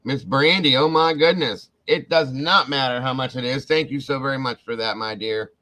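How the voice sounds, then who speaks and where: Heard on a low-quality recording, this man runs a casual livestream, greeting his viewers by name and pouring out effusive thanks. His mid-range voice keeps a steady tone at a normal speed, and his manner is warm.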